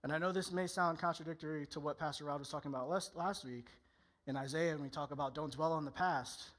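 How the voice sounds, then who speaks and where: A man's voice: fairly high pitch, quick pace, a bit bright. A male pastor preaching a candid, conversational sermon in church, often acting out people's inner voices.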